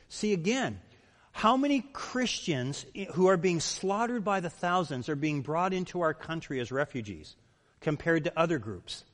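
A man's voice: high-pitched, sing-song, moderate pace. A male pastor preaching a sermon, emphatic and full of rhetorical questions. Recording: long reverb of a large hall.

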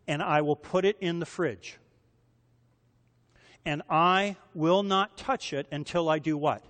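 A man preaching in a relaxed, conversational sermon. His voice sits a bit high for a man and rings out with the long reverb of a big hall. He keeps asking his listeners questions. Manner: conversational, asks the audience rhetorical questions. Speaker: pastor.

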